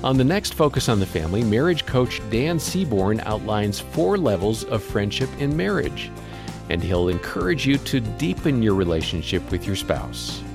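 Lively radio announcer man over music. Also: lowish voice, normal speed. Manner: smooth, polished announcer delivery. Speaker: radio show co-host and announcer. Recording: music bed under voice.

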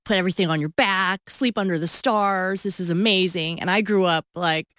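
A woman's voice: on the low side, normal speed, dry recording, studio quality. A woman in her fifties, a guest author on a radio interview, telling a story with playful acted-out voices. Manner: animated storyteller acting out voices.

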